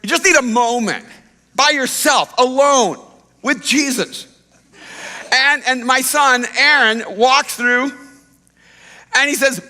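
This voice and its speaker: A middle-aged man preaching a sermon as pastor, telling a self-deprecating story in an animated way. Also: extremely high pitch, slow pace, long pauses. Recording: long hall reverb.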